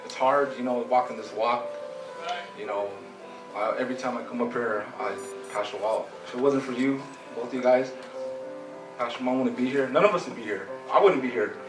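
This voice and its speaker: A man giving his testimony at a church service, talking haltingly and casually with many fillers. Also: medium pitch. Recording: roomy hall, mic far off, music behind.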